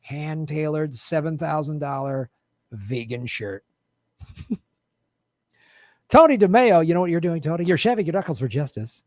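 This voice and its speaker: A comedian host answering live chat in a casual, sarcastic, joking way, swearing and laughing often into a studio microphone. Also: male voice, a little high, lively intonation, normal speed, pauses often, a little mellow, dry recording.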